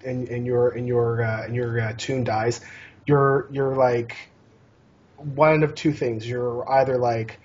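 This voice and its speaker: Man, podcast guest, casual chat, rambling, husky, muffled lo-fi sound. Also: medium pitch, fairly even intonation, a little slow, a little mellow. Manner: rambling, many restarts and fillers. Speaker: guest, challenge curator. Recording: dull lo-fi podcast audio.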